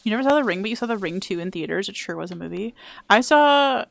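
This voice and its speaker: A woman's voice: mid-range voice, rapid-fire, vocal fry, dry recording. A young woman chatting casually while streaming a video game, wry and self-mocking, with some swearing. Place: home room.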